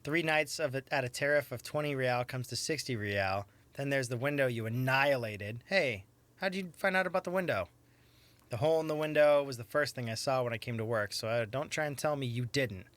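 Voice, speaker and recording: A man's voice: medium pitch, brisk, a bit bright, dry recording, natural voice. A man voicing a grumpy male bar manager in a detective game, speaking curtly and sarcastically. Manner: curt, sarcastic.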